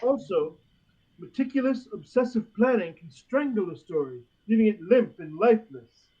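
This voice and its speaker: Man doing a high, manic comedian bit, muffled lo-fi sound. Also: expressive, moderate pace, mellow, breathy edge. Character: manic, excitable comedian impression. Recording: dull lo-fi audio.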